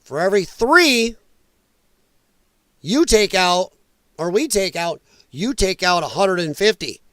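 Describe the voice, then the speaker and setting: A man's voice: high voice, big pitch swings, slow pace, a bit bright, no echo, studio quality. A man hosting a commentary show, reacting to clips in an emphatic, repetitive, angry rant.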